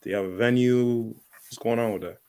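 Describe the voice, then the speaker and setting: A man's voice: mid-range voice, steady tone, a little fast, crowd noise. A man co-hosting a casual boxing chat, laid-back and agreeing often. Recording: audible background noise.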